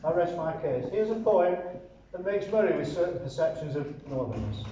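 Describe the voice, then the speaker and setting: With a warm, slightly high, sing-song voice, this older poet from northern England reads his own verse and adds dry, sardonic remarks at a moderate pace. Slight background noise and faint ambience come through a roomy, distant, muffled recording.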